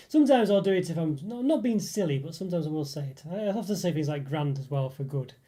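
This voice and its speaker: A man's voice: on the high side, expressive, fairly quick, mellow. A young man hosting a casual live stream, rambling and chatting with viewers, with lots of fillers and restarts. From northeast England. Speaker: livestream host reading chat.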